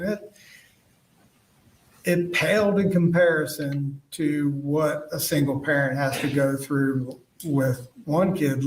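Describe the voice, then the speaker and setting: A man giving courtroom testimony as a witness, speaking haltingly and retelling past conversations as quoted dialogue. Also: on the high side. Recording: echoey room, voice far from the mic.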